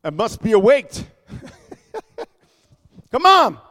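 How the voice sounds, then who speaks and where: A man preaching a sermon in a sing-song cadence, reading scripture and breaking into shouted, mocking asides with frequent "amen". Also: very high-pitched, huge pitch swings, very slow, big-room sound.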